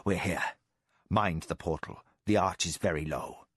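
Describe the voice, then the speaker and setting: A man doing a hushed, terse spy master. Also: deep voice, a little slow, husky, no room sound, clean studio sound, pitched below the performer's own voice. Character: quiet, cool-headed male spy master. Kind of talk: audiobook character voice.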